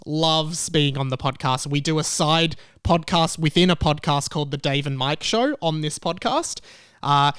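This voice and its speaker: Australian man, podcast host, rambling and self-deprecating, slightly high voice, smooth clear tone, dry close sound. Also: a bit bright, no room sound. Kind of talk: casual podcast monologue. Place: bedroom in a share house.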